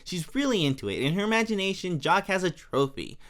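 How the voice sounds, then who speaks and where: A man's voice: sits high, big pitch swings, brisk, a bit bright. A young man hosting a podcast, recapping an episode in a casual, rambling, chatty way with plenty of fillers. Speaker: podcast host.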